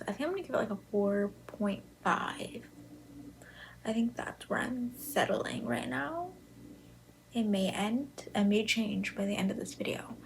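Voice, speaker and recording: A nineteen-year-old book vlogger from Buffalo, New York, chats casually to camera about books, often whispering late at night and gushing with plenty of fillers. Her voice is medium-pitched and gravelly. The recording is poor, with slight background noise.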